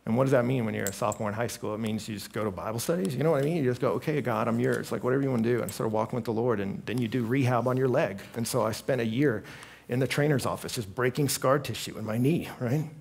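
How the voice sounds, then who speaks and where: A man's voice: quick pace, gravelly, husky. A man, preaching a sermon to a live audience and telling stories animatedly, acting out the voices of the people in them. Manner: animated storytelling, acting out quoted voices with big pitch jumps.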